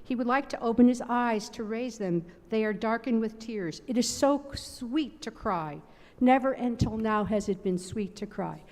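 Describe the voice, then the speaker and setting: Woman storyteller in a reverberant sanctuary. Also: medium pitch. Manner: measured, expressive, emphatic repetition. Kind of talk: dramatic reading of a story. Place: large synagogue sanctuary. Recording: long reverb of a large sanctuary.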